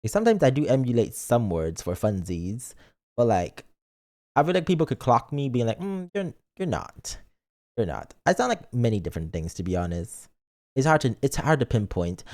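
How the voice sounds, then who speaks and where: A man's voice: medium pitch, sing-song, a little fast, mellow. A man streaming and chatting casually in a playful, rambling way, reading chat messages aloud. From lives in Britain, not British.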